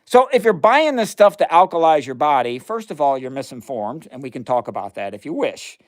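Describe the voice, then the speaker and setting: Running experiments on a casual chemistry livestream, a US science host chats with his audience and laughs frequently. His voice is on the high side and sing-song, and his pace is fairly quick.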